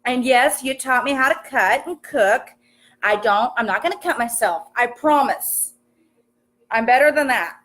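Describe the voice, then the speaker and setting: A chatty young woman talks through a casual livestream while she cooks in her home kitchen, upbeat and quick to laugh. Her voice sits high and bright, and she greets each viewer by name into a phone camera. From American countryside. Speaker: livestream host cooking while reading comments.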